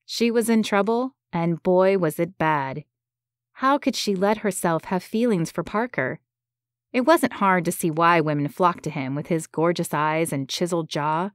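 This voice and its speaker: A woman giving scripted narration of a romance audiobook in a measured, gentle way. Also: fairly low pitch, no room sound, clean studio sound.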